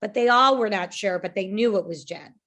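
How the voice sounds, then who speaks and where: A woman's voice: mid-range voice, brisk, fairly bright tone. A woman co-hosting a podcast, recapping reality TV in a chatty way full of fillers. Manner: chatty recapper, many fillers like "you know" and "like". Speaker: podcast co-host. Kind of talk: casual reality TV gossip chat.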